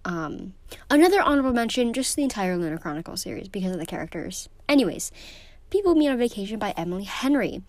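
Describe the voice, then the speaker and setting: A woman's voice: mid-range voice, very animated, quick pace, a little mellow. A teenage girl talks casually to camera about books, gushing and emotional, her speech full of ums and likes. Her voice sits in a middling range, and the recording is dry and close with no room echo. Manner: gushing and emotional, many fillers. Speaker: book vlogger. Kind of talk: casual vlog chat.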